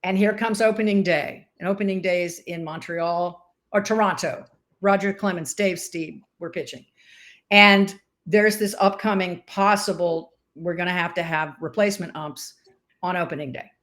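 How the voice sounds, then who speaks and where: This older woman, previously a sportscaster and umpire, speaks at normal speed in a lowish voice while telling stories in a casual interview. She's lively, performing the dialogue as she goes.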